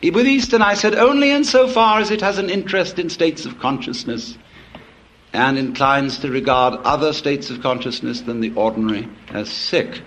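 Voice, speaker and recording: A man's voice: medium pitch, moderate pace, a bit bright. Man giving a talk, wry and rambling with asides, faint hiss behind. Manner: wry, discursive storytelling with asides. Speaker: lecturer. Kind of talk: public lecture.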